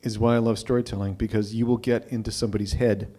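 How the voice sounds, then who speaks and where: Low, flat-voiced male host. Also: fast, noisy background. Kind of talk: introducing performers at an open mic.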